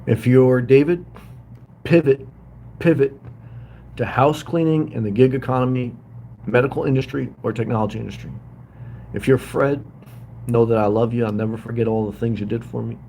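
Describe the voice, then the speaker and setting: A man's voice: medium pitch, fairly even intonation, normal speed, gravelly, long pauses, mellow, slight background noise. A middle-aged man hosting a casual livestream from a hotel room, rambling and greeting viewers by name as he reads their comments. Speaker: livestream host living in a hotel.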